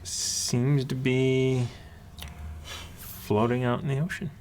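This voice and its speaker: A man's voice: mid-range voice, flat delivery, slow, darkish tone, slight background noise. A man running a tabletop game as dungeon master, describing scenes hesitantly with many fillers.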